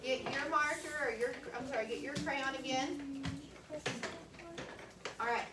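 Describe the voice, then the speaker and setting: High-voiced woman teacher, slow and deliberate. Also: fairly even intonation. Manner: slow, deliberate sounding out of words. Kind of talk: classroom phonics lesson. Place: classroom. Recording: roomy classroom audio from a distance with noise.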